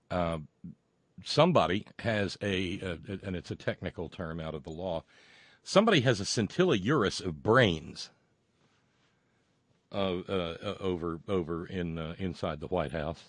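A man hosting a podcast alone, rambling and halting through sardonic remarks. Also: sits low, no echo. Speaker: podcast host. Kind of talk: casual solo podcast monologue.

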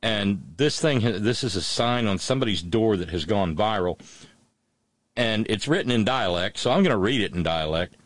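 A man's voice: lowish voice, lively intonation, moderate pace, no room sound. A man hosting a call-in radio show, talking casually with wry, sardonic asides.

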